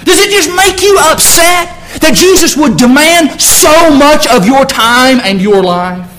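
High-voiced fervent male preacher. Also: lively intonation, measured pace, a little hiss or hum, rough recording. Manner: fervent, swings from low intense to shouted exclamations. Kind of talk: sermon. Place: church.

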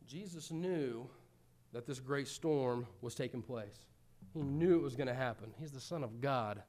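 A middle-aged American man preaching a sermon, earnest, moving between loud pleading and quiet reflection. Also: mid-range voice, a little slow.

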